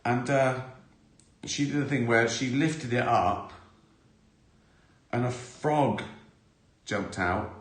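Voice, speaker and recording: A man's voice: medium pitch, slow, long pauses. A man hosting a live stream, rambling through self-mocking anecdotes with the odd swear. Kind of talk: casual anecdotal chat. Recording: roomy echo.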